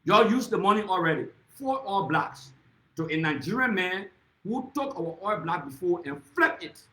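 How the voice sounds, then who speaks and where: A man's voice: sits high, lively intonation, normal speed, pushed and bright, echoey room, low-quality recording. A man with a Liberian accent giving an impassioned, accusatory political speech, repeatedly addressing his target by name. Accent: Liberian English. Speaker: political speaker.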